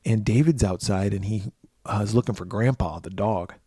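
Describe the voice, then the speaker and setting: A man's voice: lowish voice, moderate pace, dark tone, slightly rough, no echo, studio quality. A man co-hosting a podcast, recapping a horror film in a rambling, profane way. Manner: profane, rambling retelling with restarts. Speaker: podcast co-host. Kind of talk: casual film recap chat.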